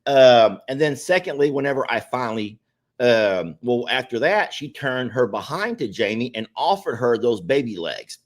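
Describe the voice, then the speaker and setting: A man, co-hosting a casual chat and telling stories quickly and animatedly. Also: medium pitch. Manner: fast-talking, animated storyteller. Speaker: co-host.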